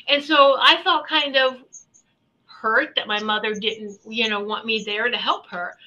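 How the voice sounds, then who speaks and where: A woman guest on a podcast, telling a personal story in an animated way and acting out the people in it. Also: on the high side, a little slow, lo-fi sound. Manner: animated storyteller who acts out the people in her stories. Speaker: guest, spiritual healer.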